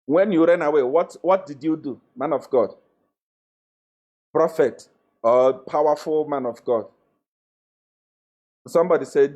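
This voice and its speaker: A man's voice: fairly high pitch, measured pace, pauses often, a little mellow. A young man gives a confrontational live-stream monologue as a self-styled prophet. He mocks and accuses, repeating his phrases and laughing with scorn. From Zambia.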